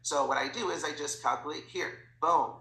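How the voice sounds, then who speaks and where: Energetic man with a bright, gravelly voice. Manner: fast, animated, slips into quoted voices. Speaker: sales team leader. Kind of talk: training talk with acted dialogue. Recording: echoey room with faint rumble.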